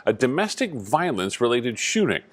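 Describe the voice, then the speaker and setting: A man's voice: medium pitch, sing-song, normal speed, heavy background noise. A man news anchor introducing a story in a polished delivery.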